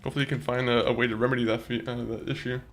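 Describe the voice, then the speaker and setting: A young man with a mid-range voice talks at a racing pace but flat delivery while streaming a video game. In this casual gameplay commentary he chats with viewers, talking to chat and swearing and laughing easily as he plays.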